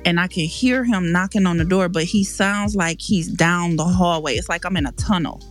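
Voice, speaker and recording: Over soft background music, a woman guest on a podcast tells a painful personal story frankly and emotionally, using slang and restarting often. Her voice sits on the low side and moves at a normal speed.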